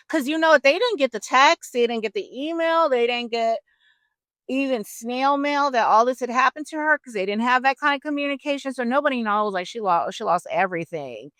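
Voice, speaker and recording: A woman's voice: on the high side, animated, moderate pace, a bit bright, no room sound. A woman podcast host retelling a story casually, with a faith angle and chatty, slangy asides.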